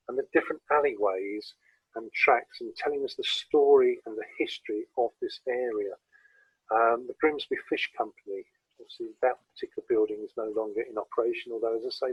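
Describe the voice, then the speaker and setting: Relaxed southern English man, husky voice. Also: mid-range voice, no room sound, dull audio. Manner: relaxed, anecdotal, with frequent hesitations. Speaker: guest speaker presenting photography. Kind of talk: informal illustrated talk. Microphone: video call.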